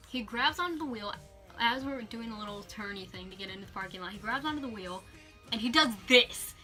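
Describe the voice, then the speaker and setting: Animated chatty woman storyteller. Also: on the high side. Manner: animated, chatty, lots of fillers. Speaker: vlogger. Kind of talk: storytime vlog.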